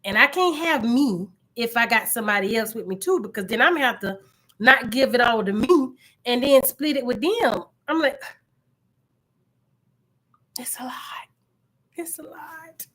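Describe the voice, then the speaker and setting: A middle-aged woman, hosting a casual live-stream chat with her viewers in a loud, animated, chatty way. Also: a little high, moderate pace, long pauses. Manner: chatty, loud and animated, with frequent laughs and repeated phrases. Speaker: channel host.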